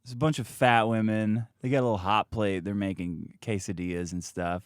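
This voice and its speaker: A middle-aged man hosting a podcast, telling a story in a profane, animated way and acting out the people in it, close on a podcast mic. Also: fairly low pitch, brisk, smooth, no echo. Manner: animated, profane, acts out quotes from his story. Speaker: podcast host. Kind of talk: casual storytelling.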